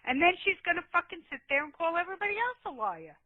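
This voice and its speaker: A woman's voice: extremely high pitch, sing-song, quick pace, no room sound. A woman arguing in a voice chat room, confrontational and sarcastic, swearing as she presses her point. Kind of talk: heated voice chat. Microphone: computer mic in voice chat room. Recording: tinny phone-like line.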